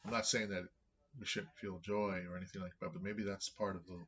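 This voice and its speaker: A man reading scripture aloud on his vlog and thinking out loud about what it means. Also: low voice, flat delivery, a little fast, lo-fi sound, a little hiss or hum. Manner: thinking aloud, with many restarts.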